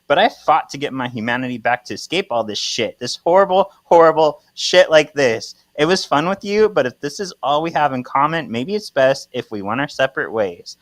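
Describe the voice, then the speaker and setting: A man's voice: fairly high pitch, animated, fairly quick, hardly any pauses, no echo, pitched above the performer's own voice, lightly acted. A man reading the lines of a fed-up young woman who tells off a man, exasperated and emphatic.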